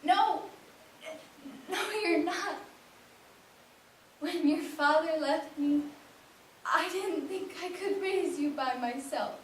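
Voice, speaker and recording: A woman voicing a regretful middle-aged mother who confesses haltingly, heard in an echoey room from far off. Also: very high voice, a little hiss or hum. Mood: remorseful.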